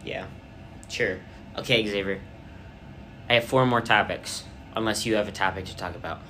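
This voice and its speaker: A young man hosting a casual podcast chat, rambling through stories and trailing off quietly at the ends of thoughts. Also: on the low side, moderate pace. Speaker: podcast host.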